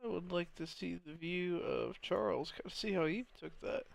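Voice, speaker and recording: Male sim-racing commentator, casual play-by-play, gravelly and worn out, losing his voice. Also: high voice, moderate pace. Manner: casual, apologetic asides between excited calls. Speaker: race commentator.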